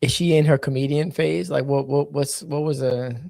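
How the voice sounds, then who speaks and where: A man's voice: on the high side, steady tone, normal speed, creaky, mellow. A man co-hosting a casual talk show, joking and bantering playfully. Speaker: co-host. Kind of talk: casual chat.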